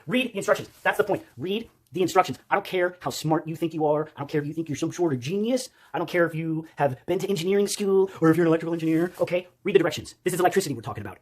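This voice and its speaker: A man with a high voice hosts a joking DIY repair video. He rambles and lectures with emphasis. His voice echoes around a room in a home. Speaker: handyman host. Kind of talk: casual DIY how-to video. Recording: roomy echo.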